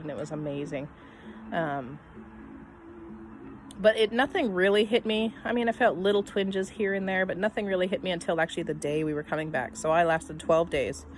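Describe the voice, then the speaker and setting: A middle-aged woman telling a personal story in a casual, rambling way, full of "um" and "I mean", often trailing off softly at the end of her thoughts. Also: sits low, noisy background. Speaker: vlogger.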